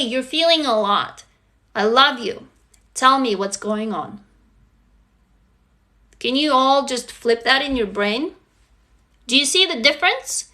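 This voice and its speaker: A woman's voice: high voice, bright, forceful tone. A woman hosting a live stream, coaching her viewers in a casual self-help talk. She keeps asking them questions and swears now and then.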